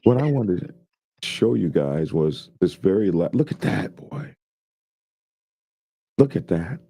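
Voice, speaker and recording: In a casual news commentary chat, this man reads headlines aloud and then jokes about them with his co-hosts. His voice is low, mellow and husky, with vocal fry, a slow pace and big swings in pitch.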